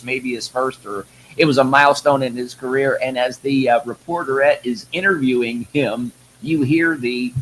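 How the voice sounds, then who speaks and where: A man hosting a live-stream political commentary show, folksy and rambling, calling his viewers "folks". His voice sits at an ordinary middle pitch. A faint hiss of noise runs under his talk. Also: fairly bright tone, poor audio. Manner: rambling, breaks into heated rants, then apologizes. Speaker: host of a live online show.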